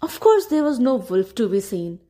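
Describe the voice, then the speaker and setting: A woman narrating a children's story with expressive delivery, dropping to a whisper at tense moments. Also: a little high, normal speed. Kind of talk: storybook reading.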